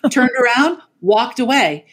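A middle-aged woman, a podcast guest, telling family stories in casual chat over a remote call, animated and laughing often. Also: fairly high pitch, measured pace, slightly rough. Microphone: remote call mic.

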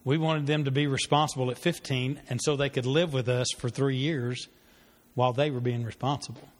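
Brisk and fairly even in intonation, a man's mid-range voice carries a pastor's church parenting class. He teaches sermon-style with a story, speaking earnestly and conversationally with fillers and restarts, and the sound has a long hall reverb.

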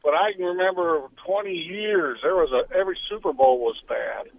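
A man's voice: a little high, normal speed, creaky. Male caller, rambling and hesitant, tinny phone line. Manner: rambling, hesitant, thinking aloud. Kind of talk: call-in radio chat.

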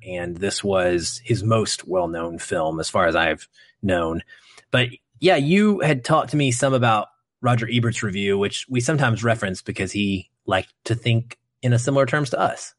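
A man's voice: fairly low pitch, moderate pace, no echo, clean studio sound. A man co-hosting a podcast, giving an earnest, emphatic film review in casual chat. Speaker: podcast co-host.

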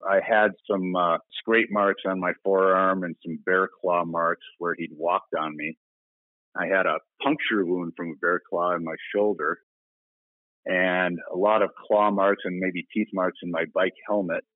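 A man's voice: low-pitched, steady tone, measured pace, no room sound. A man telling his own story in a plainspoken, casual way, laughing now and then. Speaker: interview guest. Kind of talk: casual recounting. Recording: dry phone-like line.

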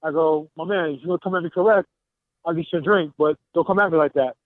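Calling a talk show from the gym, a man speaks fast in a highish voice as he excitedly relives a confrontation, voicing each side. The phone line sounds tinny and dry.

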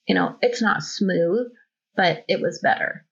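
A woman in her thirties or forties, a guest on a casual podcast, telling stories openly with plenty of fillers. Her voice is low and husky, with a gravelly fry. The sound is dull and lo-fi. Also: measured pace, a bit bright. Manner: open, storytelling, full of fillers. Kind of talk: casual conversation. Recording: dull lo-fi audio.

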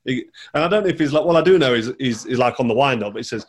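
A man's voice: mid-range voice, expressive, very fast, slightly rough. A man, chatting casually over a call, rambling and repeating words. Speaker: podcast guest, former boxer. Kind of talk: casual chat.

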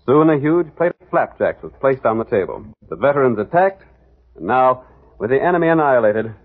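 A man announces and narrates an old-time radio drama with a husky, lively, dramatic delivery. The sound is thin and tinny, like an old radio broadcast. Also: medium pitch, a little fast.

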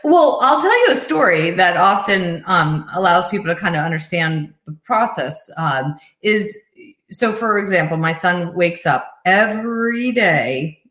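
A middle-aged woman, a life coach, telling a personal story in an earnest, reflective way with soft laughs. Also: on the low side, animated, a little slow. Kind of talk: conversational interview storytelling. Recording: echoey room.

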